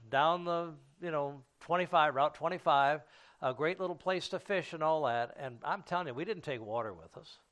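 A man's voice: fairly high pitch, fairly bright tone. A man delivers a sermon in a slightly raised voice, reading verses and explaining them at an easy pace. He stumbles often, filling gaps with "uh" and restarting his sentences. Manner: unhurried Bible teaching with frequent fillers and restarts. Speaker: preacher.

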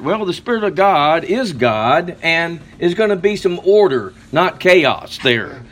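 Slow, bright-voiced male preacher. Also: on the high side, big pitch swings. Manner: slow, halting delivery with many fillers and restarts; reads scripture slowly with emphasis. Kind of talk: sermon.

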